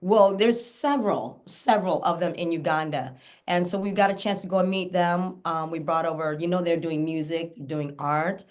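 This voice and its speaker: A woman's voice: fairly low pitch, moderate pace. A woman guest, a documentary filmmaker, chatting casually and enthusiastically in an interview, with many fillers and run-on thoughts.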